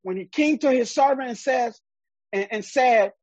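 A woman's voice: a little high, moderate pace, darkish tone, no echo. A woman teaching a Bible study in the style of a sermon, reading verses aloud and then explaining them with emphasis. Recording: dull, lo-fi sound.

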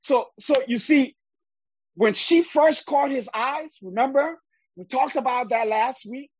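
A woman's voice: sits high, unhurried, husky, no room sound. A woman teaching a Bible study in the style of a sermon, reading verses aloud and then explaining them with emphasis. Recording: dull, lo-fi sound.

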